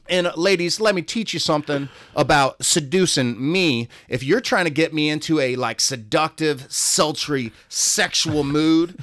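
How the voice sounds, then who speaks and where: A man's voice: a little high, normal speed, no echo. A man telling a long casual story as a guest, acting out the voices of people in it. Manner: animated, acts out voices of people in his stories.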